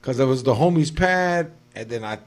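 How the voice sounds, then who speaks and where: In casual chat, a man with a mid-range voice and lively intonation tells a crude story at a moderate pace. It's rambling and slangy, heavy with fillers like "dog" and "fool."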